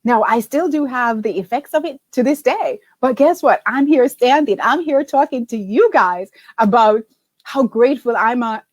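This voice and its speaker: A middle-aged woman with a fairly high voice coaches a live-stream audience and answers their comments. She talks in a chatty, encouraging way and often tags her points with "right?". The sound is close and dry. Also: normal speed, a little mellow, no room sound. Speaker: confidence and leadership coach.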